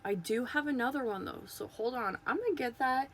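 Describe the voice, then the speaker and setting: A woman chatting casually to viewers while unboxing toys, gushing and excitable, recorded on a phone. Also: fairly high pitch, fairly quick, a little hiss or hum.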